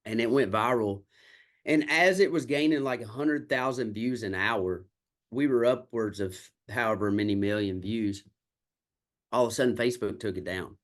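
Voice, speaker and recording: A man's voice: fairly low pitch, moderate pace. A man from Kentucky, a country singer and songwriter telling candid, salty stories in a casual interview and acting out the people he quotes. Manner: candid, salty storyteller who acts out quoted exchanges.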